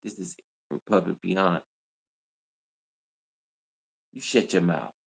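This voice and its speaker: A man's voice: sits low, moderate pace, creaky, breathy edge. A man, scolding his audience in a repetitive, confrontational livestream rant. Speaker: livestream host. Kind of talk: ranting livestream monologue.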